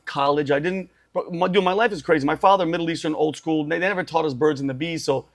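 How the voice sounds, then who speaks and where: A man's voice: fairly high pitch, fairly even intonation, fast talker, creaky. A man in his forties telling his story as a podcast guest, emphatic and repetitive, saying "bro" and "dude" often. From Assyrian family. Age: 40s.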